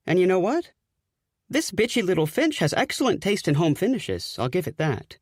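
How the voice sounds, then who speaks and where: A man's voice: high voice, big pitch swings, normal speed, breathy edge, dry recording, studio quality. A man narrating a comic first-person audiobook in a wry, sardonic storytelling voice.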